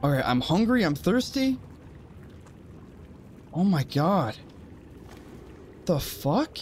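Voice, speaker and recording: Over soft background music, a gaming channel host commentates a let's play of a survival horror game. His high voice swings widely in pitch and moves at a slow pace. He startles easily, crying out in fear and muttering to himself.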